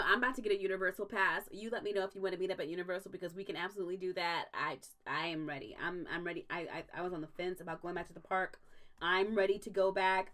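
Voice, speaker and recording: A woman's voice: on the low side, bright, forceful tone. A young adult woman hosting a casual livestream, ranting emphatically with frequent swearing and laughter. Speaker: stream host.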